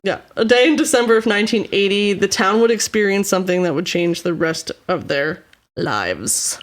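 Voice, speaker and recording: A woman's voice: medium pitch, expressive, moderate pace. Woman cohost, chatty and giggly, podcast chat. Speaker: podcast co-host. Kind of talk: casual chat narrating a case.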